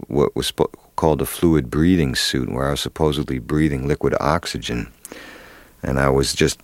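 A man's voice: a bass voice, a little mellow, dry recording. A man, an actor, telling a long story in an interview, rambling with many fillers and restarts. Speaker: actor guest.

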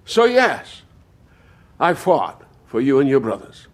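An actor playing a domineering older media patriarch in a television drama, brusque and defensive with blunt, quick-fire lines. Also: male voice, medium pitch, wildly swooping pitch. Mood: defiant.

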